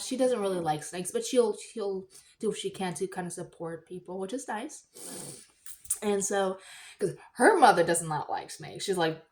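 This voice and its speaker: Woman, casual vlog storytelling, animated, rambling, high squeaky voices for quotes, middle pitch. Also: normal speed. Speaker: vlogger.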